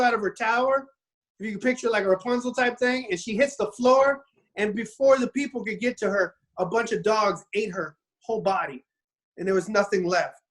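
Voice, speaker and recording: Rambling man retelling a Bible story. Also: very high-pitched. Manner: rambling storyteller, frequent restarts and acted quotes.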